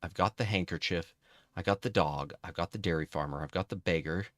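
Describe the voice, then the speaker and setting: A man's voice: low voice, brisk, dry recording, studio quality. A man streaming a video game, chatting casually and correcting himself as he plays. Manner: chatty, self-correcting, talks to chat. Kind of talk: casual gameplay commentary.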